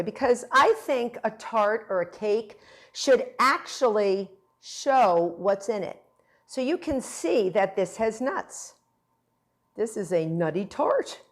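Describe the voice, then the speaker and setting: Chatty woman chef demonstrating a tart. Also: medium pitch. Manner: chatty, playful, encouraging. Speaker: cooking instructor. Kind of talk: cooking demonstration.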